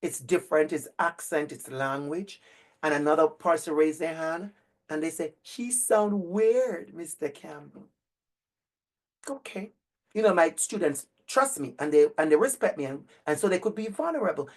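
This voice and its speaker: A man speaks in a fairly high voice as he tells stories to an audience. His delivery is animated and emphatic. He repeats key words and acts out the voices of the children in his stories. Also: moderate pace. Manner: emphatic repetition. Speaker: educator and speaker. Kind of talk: storytelling talk.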